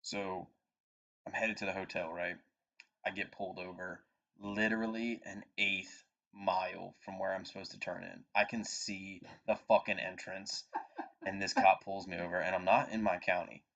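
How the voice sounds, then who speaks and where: A man in his twenties, a podcast co-host telling a long anecdote in a casual, animated and profane way. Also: sits low, moderate pace, gravelly. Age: 20s. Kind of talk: casual storytelling chat. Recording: dull lo-fi podcast audio.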